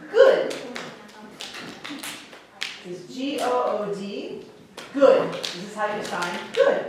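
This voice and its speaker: A woman teaching a sign language class in a library room, encouraging and emphatic, repeating phrases slowly for her learners. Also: medium pitch, bright, forceful tone, a little hiss or hum. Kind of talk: classroom instruction. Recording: echoey room, voice far off.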